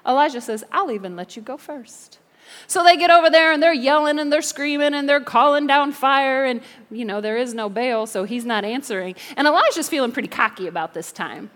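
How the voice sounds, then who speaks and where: A woman's voice: sits high, fairly quick, few pauses, fairly bright tone. A woman preacher giving a sermon in a church, telling Bible stories with playful jokes and call-and-response to the audience. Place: church sanctuary. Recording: long reverb of a large church hall.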